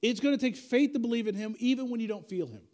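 A man's voice: extremely high pitch, fast talker, a little mellow. A man preaching a sermon as pastor, dynamic and conversational, repeating key lines for emphasis with folksy asides.

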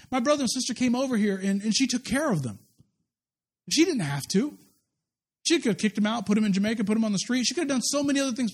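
A male pastor with a notably high voice preaches in a relaxed, conversational way. He drifts from scripture into personal stories, stumbling over and repeating words, and pokes fun at himself. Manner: conversational, repeats words and restarts, self-deprecating humor. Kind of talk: sermon with personal storytelling.

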